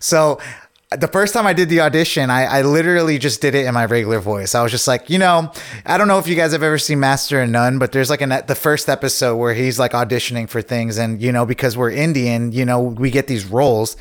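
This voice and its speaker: A man's voice: medium pitch, fast. A young adult man, an actor talking casually as a podcast guest, rambling with lots of "like" and "you know".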